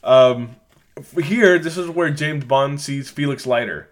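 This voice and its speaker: A man's voice: a little high, a little slow. A man co-hosting a podcast, walking through a film's plot in casual chat and laughing easily. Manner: explains plot points at length, laughs easily. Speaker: podcast co-host. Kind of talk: casual film recap chat.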